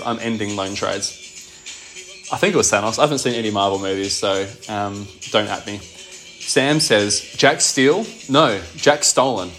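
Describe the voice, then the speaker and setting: A young man giving a casual comedic recap, laughing often, swearing and tossing in quick asides. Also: medium pitch. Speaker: host recapping a fantasy league.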